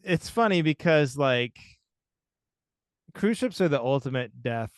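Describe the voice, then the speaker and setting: A man's voice: medium pitch, animated, a little slow, dry recording, clean studio sound. A man co-hosting a podcast, chatting casually in a wry, rambling, self-deprecating way. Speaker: podcast co-host. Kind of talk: casual chat.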